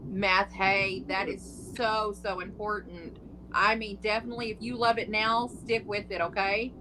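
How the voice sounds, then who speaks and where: A woman's voice: medium pitch, little pitch movement, moderate pace. A woman co-hosting a talk show, chatting casually and encouragingly, laughing often. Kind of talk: casual interview chat. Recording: noisy recording.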